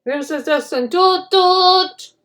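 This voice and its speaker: A woman reading a children's storybook aloud in a fairly high voice. Her narration is animated and dramatic, carrying the story along between the characters' lines. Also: normal speed. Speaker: storybook reader.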